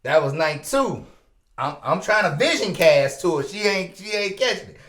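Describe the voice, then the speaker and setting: A man hosting a podcast, telling a story with lively energy, acting out the dialogue and laughing often. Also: sits high, moderate pace. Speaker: podcast host. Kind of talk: animated storytelling chat. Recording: roomy echoey room.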